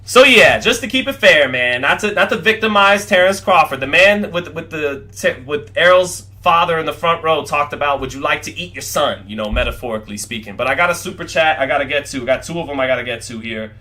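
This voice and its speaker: Young guy hosting a boxing stream, talks to chat, excitable and swears a lot, bright voice pitched a bit high. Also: brisk, few pauses. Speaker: boxing show host. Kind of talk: casual reaction commentary to livestream chat.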